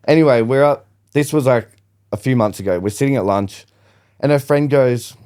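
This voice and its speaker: A man's voice: mid-range voice, normal speed, darkish tone, smooth. A young man, a podcast guest, telling his story bluntly and with lots of swearing in casual chat.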